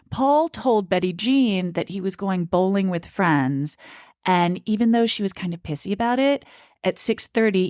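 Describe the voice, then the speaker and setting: Podcast co-host, female, lowish register, dead-dry read, chatty true-crime narration. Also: no echo. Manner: tells the story from notes, chatty asides. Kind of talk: casual true-crime storytelling.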